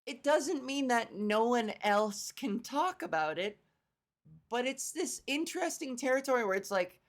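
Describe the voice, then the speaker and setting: Speaking into a microphone at home, a woman runs a solo comedy podcast where she rambles, curses without restraint, and makes self-deprecating jokes. She is a stand-up comedian, and her fairly high voice moves at an unhurried pace with lively intonation.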